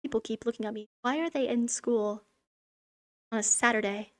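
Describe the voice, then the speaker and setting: A woman's voice: on the high side, normal speed. Irreverent young woman ranting sarcastically. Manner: irreverent, sarcastic, swears freely. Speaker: vlogger. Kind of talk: casual recap commentary. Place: room in a school.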